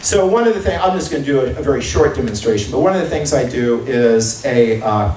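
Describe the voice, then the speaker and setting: A man's voice: medium pitch, lively intonation, brisk, a little mellow, a little hiss or hum. A male music professor giving a chatty lecture recital, often repeating words as he thinks and reciting drum syllables. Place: lecture hall. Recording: roomy hall sound from far off.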